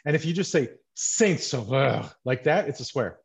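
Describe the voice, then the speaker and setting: A man's voice: fairly high pitch, quick pace, slightly rough. A man from Montreal hosting a podcast, chatting casually and telling joking stories. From Montreal, Quebec. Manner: chatty, joking, animated storytelling. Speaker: podcast host. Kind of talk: casual interview chat.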